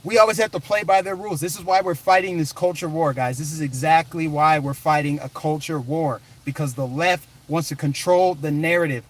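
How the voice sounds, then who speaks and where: A man's voice: a little high, fairly even intonation, a little fast, hardly any pauses. A man from the United States giving fired-up political commentary in an emphatic, combative, repetitive way.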